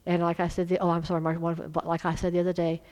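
A middle-aged woman preaching a sermon, fervent and emphatic, swelling into loud exhortation. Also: fairly low pitch, completely flat delivery, rapid-fire, poor audio.

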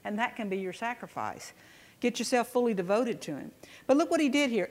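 A woman's voice: on the high side, very animated, brisk, a little mellow. Woman preaching in an echoing hall. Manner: conversational, emphatic, frequent restarts and "right?" asides. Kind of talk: sermon. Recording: long hall reverb.

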